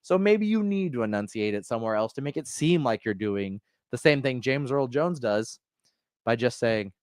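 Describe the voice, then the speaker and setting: A man's voice: medium pitch, expressive, normal speed, smooth, no room sound, studio quality. A man hosting a pop-culture podcast, talking casually and rambling through fillers and restarts. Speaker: podcast host.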